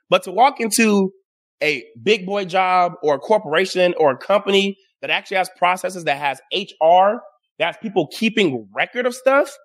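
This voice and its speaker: Man, high-pitched, show host, casual commentary, sarcastic, exasperated. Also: fairly bright tone. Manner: sarcastic, exasperated, talks straight to the audience.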